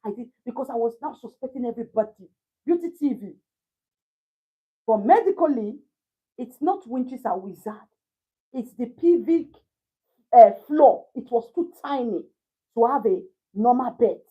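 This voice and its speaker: A Nigerian woman in her thirties telling a personal story to a live chat in a casual, animated way, laughing often and slipping into pidgin. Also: a little high, moderate pace, long pauses, husky, dull audio. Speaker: livestream host.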